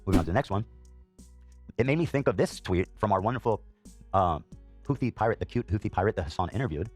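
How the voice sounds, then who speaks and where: Fast, deep-voiced heated male host. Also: animated, husky, faint music behind. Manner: heated, swears, frequent fillers and coughs. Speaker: podcast host. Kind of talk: reaction commentary.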